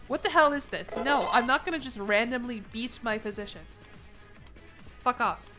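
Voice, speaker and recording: A young American woman rambles playfully to her chat while she plays a strategy game. Her voice sits a little high. Faint music plays underneath. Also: normal speed, sharp tone. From United States. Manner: rambling, playful, laughs between lines. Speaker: streamer. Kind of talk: casual game-stream chat.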